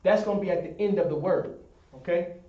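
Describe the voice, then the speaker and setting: Male instructor, fairly high voice, patient stepwise explanations, recorded from across an echoey classroom. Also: fairly quick. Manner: explains step by step, often asks "understand?". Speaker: teacher of a Hebrew class. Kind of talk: classroom teaching at a whiteboard. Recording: echoey room, distant dull sound.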